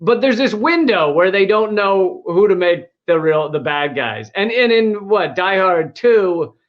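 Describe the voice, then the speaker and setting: A man chatting casually as a podcast host, his voice sitting a bit high. He rambles and restarts, with plenty of fillers and laughs. The sound is dull and lo-fi. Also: expressive, measured pace. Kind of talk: casual comedic chat.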